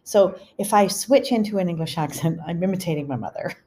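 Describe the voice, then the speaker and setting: A woman's voice: fairly low pitch, a little fast, mellow. A middle-aged woman hosting a podcast, telling family stories in a chatty, casual way and laughing now and then. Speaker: podcast host. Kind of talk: casual storytelling.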